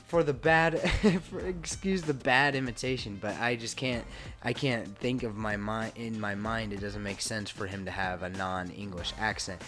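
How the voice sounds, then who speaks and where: A man's voice: fairly low pitch, normal speed, fairly bright tone, soft background music. A man giving casual commentary over a wrestling game, chatty and rambling, with frequent swearing and asides. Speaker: gaming channel host.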